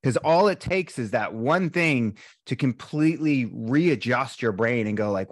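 A man's voice: medium pitch, moderate pace, few pauses, no echo, studio quality. A man, a breathwork teacher talking candidly and with animation as a podcast guest. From US East Coast, Boston. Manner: animated, candid, swears a little. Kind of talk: casual podcast conversation.

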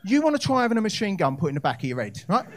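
A man's voice: high-pitched, big pitch swings, racing, slight background noise. Brash man telling a stand-up story. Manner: brash, addresses the crowd directly. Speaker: stand-up comedian. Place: comedy club stage.

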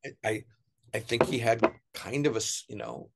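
A middle-aged American man telling stories as an interview guest, animated, putting on voices for the people he quotes. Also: mid-range voice, normal speed, vocal fry, slight background noise. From United States. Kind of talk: casual storytelling interview.

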